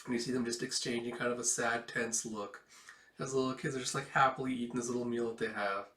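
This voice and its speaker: A man's voice: medium pitch, steady tone, quick pace, sharp tone. Man narrating a comic read-along, casual and emotional, lots of fillers; roomy, distant mic. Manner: emotional, filler-heavy retelling. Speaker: comic reader.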